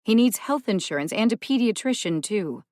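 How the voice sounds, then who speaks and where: A woman's voice: mid-range voice, lively intonation, moderate pace, a little mellow, dry recording, studio quality, pitched above the performer's own voice, close to an everyday voice. A woman narrating an audiobook, voicing a stern, practical woman who speaks in a firm, lecturing way. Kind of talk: audiobook character voice.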